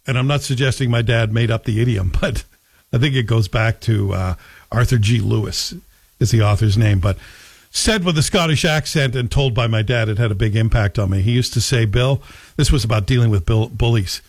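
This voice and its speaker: A man's voice: mid-range voice, brisk, breathy edge, no echo. A Canadian man hosting a talk radio show, delivering a combative, scolding monologue with folksy asides.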